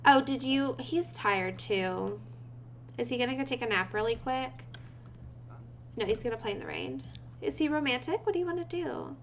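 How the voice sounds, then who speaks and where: A woman's voice: sits high, lively intonation, moderate pace, long pauses, a little hiss or hum. A woman giving casual gameplay commentary, chatty and giggly, talking to her game characters and her viewers. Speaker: gaming video creator.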